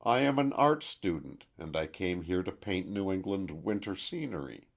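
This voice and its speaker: A man voicing a frightened, secretive young woman art student in an audiobook, speaking in a halting, tremulous way. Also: sits low, animated, gravelly, full character voice. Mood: guarded.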